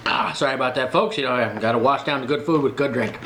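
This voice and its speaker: A man's voice: medium pitch, fast talker, heavy background noise. A man co-hosting a casual food review, easygoing and joking with his partner.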